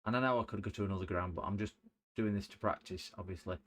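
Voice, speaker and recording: A man's voice: on the low side, fast talker. Jokey man chatting while soldering. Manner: jokey, rambling, sings and hums to himself. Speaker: livestreamer repairing electronics. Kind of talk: casual chat while working.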